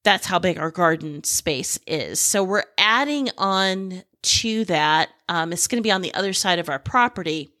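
A middle-aged woman hosting a homestead podcast, talking excitedly and rambling, with lots of restarts. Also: lowish voice, normal speed, hardly any pauses, dry recording, studio quality. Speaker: podcast host. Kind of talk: casual podcast talk.

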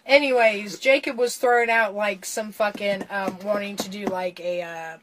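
A tipsy American woman chatting casually on a podcast, animated, swearing and laughing often. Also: medium pitch, moderate pace, slight background noise. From United States. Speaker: podcast co-host. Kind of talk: casual chat.

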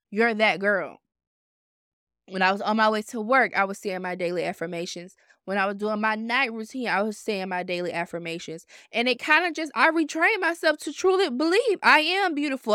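A woman in her twenties hosting a podcast, telling her story in a blunt, profane, animated self-help monologue. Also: on the high side, clean tone, no echo, studio quality. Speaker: podcast host.

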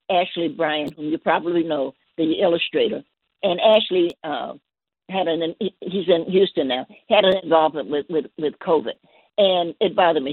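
Husky woman on a tinny phone line. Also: low-pitched, no echo. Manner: halting, repeats words while telling a gentle story. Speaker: guest. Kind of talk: storytelling on a call-in show.

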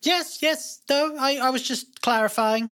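A woman's voice: sits high, unhurried, fairly bright tone, clean tone. A woman playing a tabletop role-playing game, with dry, clarifying remarks. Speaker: player.

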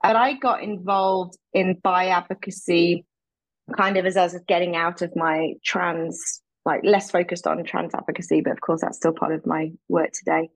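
Brief: British woman, husky voice, chatty podcast guest on a dry remote line. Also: fairly low pitch, level tone, normal speed, dry recording, poor audio. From Britain. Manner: chatty, laughs often. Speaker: guest, advocate. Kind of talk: casual podcast interview. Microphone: remote call.

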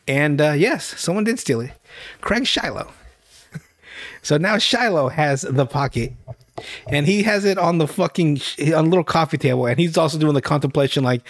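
A man's voice: a little high, moderate pace. A man hosting a podcast, casually recapping a show in a profane, rambling storytelling way. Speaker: podcast host.

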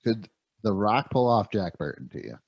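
A man's voice: lowish voice, very animated, normal speed, vocal fry, darkish tone, slightly rough, no room sound, lo-fi sound. A man hosting a casual movie review podcast, rambling enthusiastically about action heroes. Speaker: podcast host.

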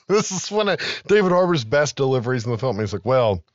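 A man's voice: mid-range voice, big pitch swings, brisk, no echo, highs cut off. A man in his thirties, a podcast co-host, recapping a film in casual chat and acting out its lines with laughs.

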